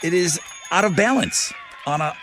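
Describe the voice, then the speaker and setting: A man's voice: a little high, moderate pace, a little hiss or hum. A man hosting a morning radio show, chatting casually and rattling off promos and jokes. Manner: lively, jokey, rattles off promos. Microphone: studio microphone.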